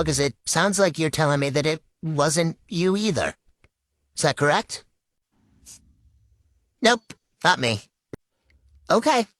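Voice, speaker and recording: A young man playing a patient, apologetic residence hall staffer in comedy phone skits. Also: on the high side. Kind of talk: comedic phone-call skit.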